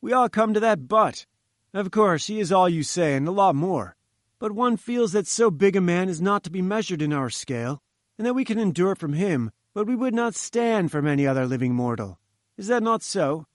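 A man voicing a talkative young male journalist, speaking in a brisk, confiding and enthusiastic way. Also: high voice, animated, dry recording, clean studio sound, pitched above the performer's own voice. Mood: eager. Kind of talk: audiobook character reading.

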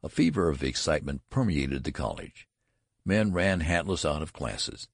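A man reading a story aloud as a narrator, in a measured and even manner. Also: extremely low pitch, gravelly, breathy edge, no echo, clean studio sound. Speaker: audiobook narrator. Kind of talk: scripted narration.

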